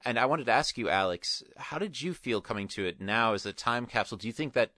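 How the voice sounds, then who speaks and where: A man's voice: medium pitch, fast, sharp tone, dry recording, studio quality. A man co-hosting a film podcast, talking casually with many restarts and qualifiers. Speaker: podcast co-host.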